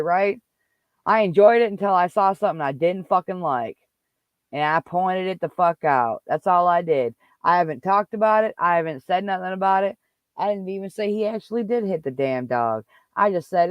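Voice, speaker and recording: Livestream host, man, heated profane rant; smooth, slightly higher voice, close and dry. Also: lively intonation, moderate pace, no echo, dull audio. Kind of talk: casual ranting livestream chat.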